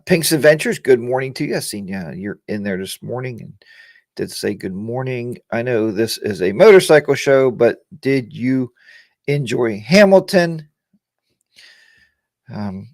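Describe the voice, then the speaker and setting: A man's voice: mid-range voice, expressive, moderate pace, dry recording, clean studio sound. A middle-aged man hosting a casual live motorcycle chat show, rambling and joking as he greets viewers and reads their comments. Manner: rambling and joking, chatty asides.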